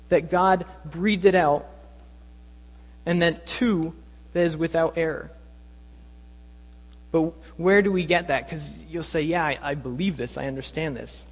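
A young man preaching a sermon, earnest and emphatic, teaching from the pulpit. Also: high voice. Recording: long reverb in a hall.

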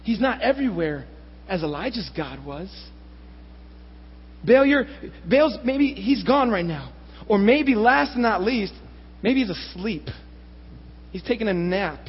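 A man preaching a sermon, lively and animated, with rhetorical questions and sarcastic asides. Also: sits high, measured pace, long pauses, husky. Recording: dull lo-fi recording with long hall reverb.

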